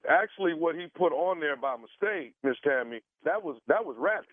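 A man on a prank call speaks in a fairly high voice, stumbling and hesitating through every sentence. The sound is dry and thin, squeezed through a tinny phone line. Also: animated, dry recording. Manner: halting, stammering with many fillers. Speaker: radio prank caller.

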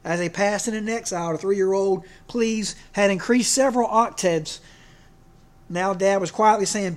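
A man's voice: sits high, moderate pace. A man preaching a folksy sermon, joking and often restarting his sentences. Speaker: pastor.

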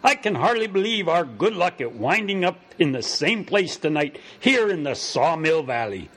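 A man voicing an excitable Irish man in a bar, exclaiming with delight, in an Irish accent. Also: fairly high pitch, moderate pace, husky, heavily acted. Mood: excited.

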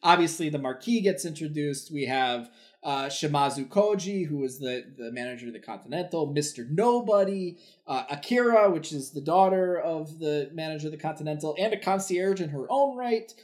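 A man co-hosting a film podcast, chatting casually in an excitable way, swearing freely and stammering. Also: a little high, moderate pace. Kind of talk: casual film review chat.

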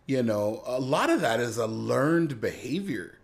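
Agreeable man with a lively voice. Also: medium pitch, unhurried, vocal fry. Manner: agreeable, drops Spanish phrases. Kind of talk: casual chat.

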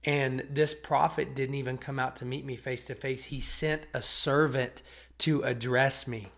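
A man's voice: mid-range voice, fairly even intonation, unhurried, gravelly, fairly bright tone. A man voicing a proud, offended army commander. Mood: indignant.

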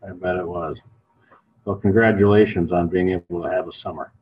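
A man's voice: deep voice, fairly even intonation, fairly quick, slight background noise. A man hosting an interview, asking encouraging and inquisitive questions. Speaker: podcast host, interviewer. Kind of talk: podcast interview. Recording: tinny phone line.

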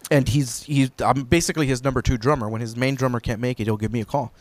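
A man's voice: mid-range voice, steady tone, fast, no echo. A man hosting a casual podcast, telling stories, laughing often and swearing freely. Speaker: podcast host, drummer. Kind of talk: casual chat among friends.

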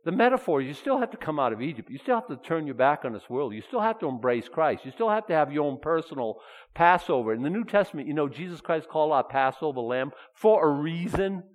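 A man preaching a sermon as pastor, animated, asking his listeners rhetorical questions and adding chuckling asides. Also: fairly high pitch, fast. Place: church sanctuary. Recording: long hall reverb.

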